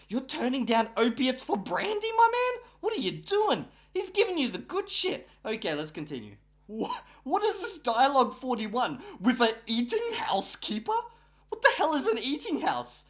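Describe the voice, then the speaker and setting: Animated, laughing woman reacting to a book. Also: high-pitched, normal speed. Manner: animated, incredulous, laughs often, swears. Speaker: YouTuber reviewing a book. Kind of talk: casual comedic commentary.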